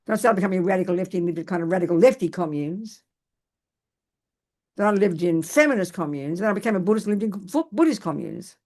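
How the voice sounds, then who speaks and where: Talking fast in a lowish voice, an older woman teaches the dharma as a Buddhist teacher. She shares animated, self-deprecating anecdotes and keeps restarting her sentences.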